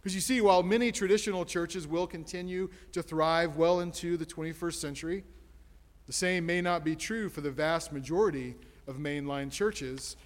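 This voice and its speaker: A man's voice: on the high side, long reverb tail. A man preaching a sermon in a church sanctuary, building his points through strings of rhetorical questions with an emphatic preaching cadence. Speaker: pastor.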